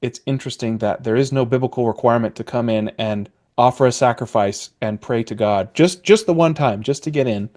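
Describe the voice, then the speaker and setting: A man speaking on a panel discussion in a thoughtful, measured way. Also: mid-range voice, a little mellow. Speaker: podcast panelist. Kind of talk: casual round-table discussion.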